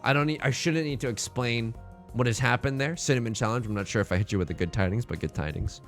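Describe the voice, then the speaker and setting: A man streaming live and chatting casually with his viewers while he plays. He sounds slightly hoarse and is excitable and self-mocking. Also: mid-range voice, quick pace, faint music behind. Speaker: livestreamer.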